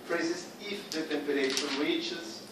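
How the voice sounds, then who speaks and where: A male student reads aloud in class, halting and careful, in a slightly high voice. He sounds distant, in a strongly echoing room with a steady hum behind him. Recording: echoey room, far from mic.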